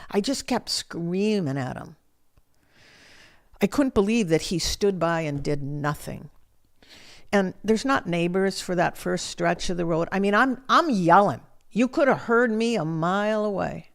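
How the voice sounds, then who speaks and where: A woman's voice: fairly low pitch, unhurried. A woman sharing a personal faith testimony as an interview guest, telling her story in a vivid, emphatic way.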